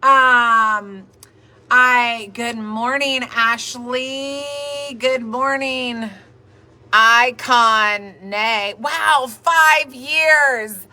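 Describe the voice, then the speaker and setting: A woman's voice: fairly high pitch, steady tone, very slow, bright, forceful tone. A young woman hosting a casual livestream, reading viewer comments aloud in a bubbly, repetitive way while tired from an early start. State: tired, up since the middle of the night. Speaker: host of a livestream. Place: home in Texas.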